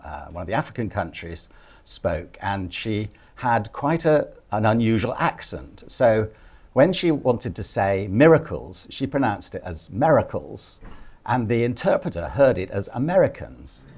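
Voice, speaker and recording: An older man from Britain gives a relaxed public talk, telling anecdotes with a dry, understated wit. His voice sits fairly low, and he tells each story at an unhurried pace. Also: highs cut off. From United Kingdom. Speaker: guest speaker, former ambassador.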